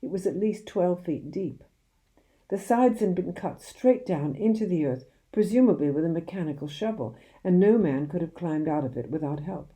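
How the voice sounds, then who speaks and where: Low, mellow woman reading a storybook. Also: lively intonation, normal speed. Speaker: children's book reader. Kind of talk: reading a children's novel aloud.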